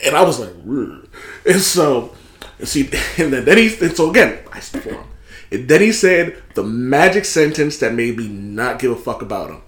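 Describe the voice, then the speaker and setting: A man telling a story in casual, animated chat, swearing freely and acting out what others said. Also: medium pitch, moderate pace, reverberant. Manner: animated, swearing, acts out quotes in other voices.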